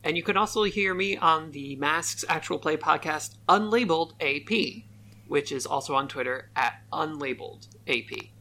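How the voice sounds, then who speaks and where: Man, slightly high voice, faint hum in the background. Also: normal speed, bright, forceful tone, rough recording. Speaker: podcast guest. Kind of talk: casual podcast chat.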